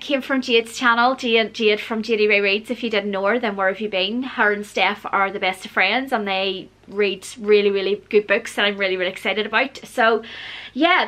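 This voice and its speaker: A woman, gushing excitedly through a casual gift unboxing vlog as a book vlogger. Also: on the high side. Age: 40s. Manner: gushing and excitable, frequent gasps and squeals.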